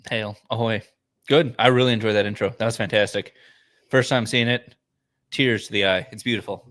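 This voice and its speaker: A man's voice: fairly low pitch, fairly even intonation, brisk, fairly bright tone. A man co-hosting a casual podcast, talking in a laid-back, dry way. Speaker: podcast co-host. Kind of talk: casual chat.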